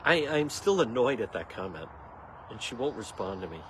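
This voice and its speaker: Man hosting a livestream, rambling, indignant, joking, lively swooping pitch, faint background noise. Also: a little fast. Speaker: livestream host. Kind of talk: casual livestream chat.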